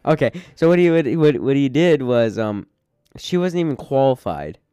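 A man's voice: medium pitch, lively intonation, moderate pace, mellow, clean tone, no echo, clean studio sound. A man hosting a podcast in casual chat, rambling and laughing often. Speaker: podcast host.

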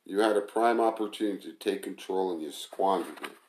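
A man's voice: low voice, fairly quick, a little mellow, slight background noise, close to an everyday voice. A man voicing a brash, scornful male restaurant manager who is blunt and bossy with his friend, in an echoey room.

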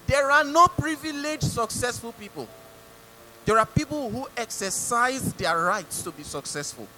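Animated Nigerian preacher, high and lively. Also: male voice, normal speed, a little hiss or hum, rough recording. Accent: Nigerian English. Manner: animated, mimicking, rhetorical questions to the congregation. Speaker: pastor. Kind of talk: sermon.

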